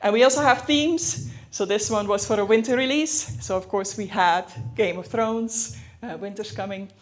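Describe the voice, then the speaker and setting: A woman giving a conference presentation in a hurried, chatty way, full of fillers and self-aware asides. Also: medium pitch. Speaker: conference speaker. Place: conference hall.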